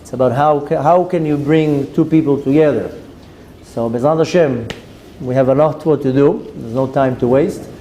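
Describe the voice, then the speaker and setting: A man's voice: medium pitch, normal speed, dark tone, slight background noise. A man, a rabbi giving an earnest sermon that urges his listeners on and mixes in Hebrew terms.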